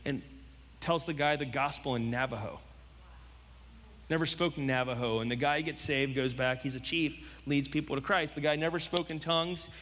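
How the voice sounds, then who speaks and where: A man preaches in a conversational, storytelling way, acting out the voices of people in his story. His voice sits a little high and sounds bright and forceful. The sound rings with a long hall reverb, like a church sanctuary. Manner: storytelling, quoting others in lively voices. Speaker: pastor. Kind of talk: sermon.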